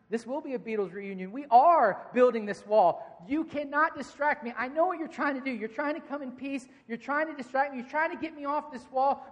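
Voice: medium pitch, in a large hall, highs cut off, close to an everyday voice. A preacher acting out a determined ancient man building a wall, speaking emphatically and defiantly. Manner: emphatic, defiant, rising to near shouting.

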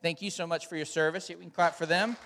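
A man's voice: a little high, steady tone, fast, creaky, fairly bright tone, slight background noise. A middle-aged man as pastor, giving church announcements and a sermon in a casual, storytelling way with frequent fillers. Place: large church hall. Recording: church hall with long reverb.

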